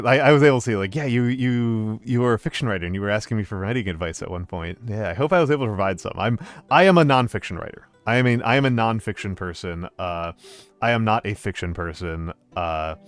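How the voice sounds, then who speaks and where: A man streaming a game and chatting with his viewers, with many ums and uhs and frequent restarts. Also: fairly low pitch. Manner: hesitant, filler-heavy, warm greetings to chat. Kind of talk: casual stream chat.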